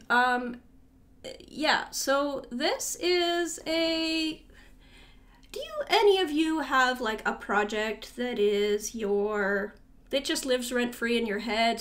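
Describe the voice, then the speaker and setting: Young woman, kinda high voice, rambly casual sketchbook tour, keeps correcting herself. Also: slow pace, fairly bright tone. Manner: chatty, rambling, self-correcting. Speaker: artist showing her sketchbook.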